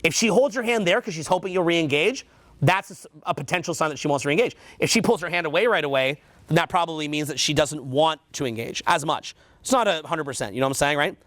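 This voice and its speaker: A man's voice: fairly high pitch, expressive, fast talker, fairly bright tone, no echo. A man with a Canadian accent teaching a seminar, quizzing the audience and repeating their answers back. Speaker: dating coach.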